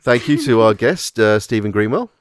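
Male podcast host, lowish voice, dry close sound, wry rambling banter. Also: expressive, moderate pace, no echo. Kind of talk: casual movie podcast chat.

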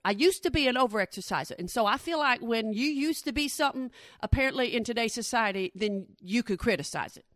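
A woman's voice: on the high side, no echo, studio quality. A woman in her forties telling a stand-up comedy story on stage through a lapel mic. She talks straight to the audience and acts out the voices of the people in her story. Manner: animated, addresses the audience directly, acts out quoted voices.

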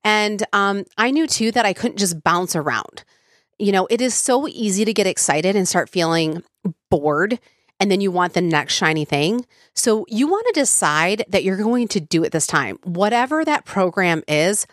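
A woman hosts a casual solo podcast at a normal pace, her medium-pitched voice expressive despite congestion from a cold. She fills her talk with "ums" and "you knows," and the studio-quality recording is dry.

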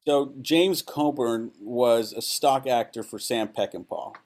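A man from Texas whose first language is Spanish, a film director telling animated, enthusiastic stories as an interview guest. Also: mid-range voice, unhurried. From El Paso, Texas. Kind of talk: casual anecdotal storytelling.

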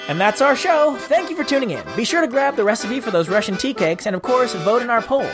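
A man's voice: very high-pitched, lively intonation, fast talker, music in the background. A middle-aged man hosting a holiday podcast in a jokey, goofy way, tripping over names. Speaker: podcast host. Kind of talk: jokey casual chat.

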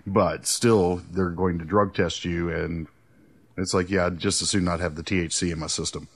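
A middle-aged man with a fairly low voice trades crude jokes in loose podcast banter. He rambles, restarts his sentences and stumbles over his words as he goes. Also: steady tone, moderate pace. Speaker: podcast co-host. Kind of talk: casual banter.

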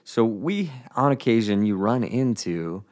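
A man, a comedian guest, telling a funny story in a podcast interview, animated and acting out voices. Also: on the low side, measured pace. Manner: animated, acts out voices with bursts of laughter.

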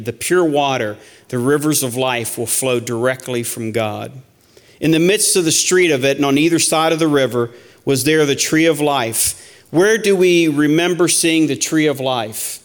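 A man's voice: mid-range voice, a little slow. Preaching man in a reverberant church. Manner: reads scripture aloud, repeats lines, addresses listeners as church. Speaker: Bible study teacher. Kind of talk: sermon-style Bible teaching.

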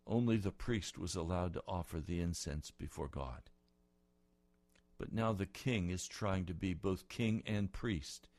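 A man's voice: deep voice, darkish tone, no room sound. Passionate preacher man, dramatic swells. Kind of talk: sermon.

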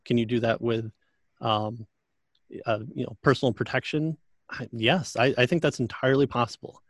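A man in a casual conversation about church matters. He speaks in a halting, thoughtful way with frequent restarts. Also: medium pitch, steady tone, no echo, clean studio sound.

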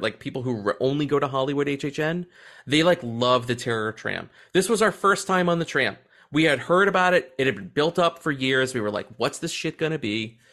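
A man co-hosting a podcast in casual chat, excited and profane, often laughing as he tells stories. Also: a little high. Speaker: podcast co-host.

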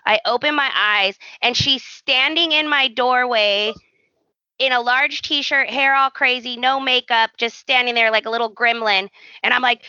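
A woman's voice: high-pitched, moderate pace, no room sound, dull audio. A woman co-hosting a podcast, chatting casually and acting out quoted lines as she tells a story. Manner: animated storytelling, acts out quotes. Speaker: podcast co-host. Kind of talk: casual chat.

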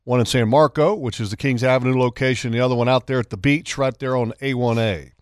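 Male radio host, mid-pitched, casual and talkative, dry studio sound. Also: steady tone, quick pace, no echo. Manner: chatty, reads ads and marine forecast. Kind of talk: casual talk radio banter.

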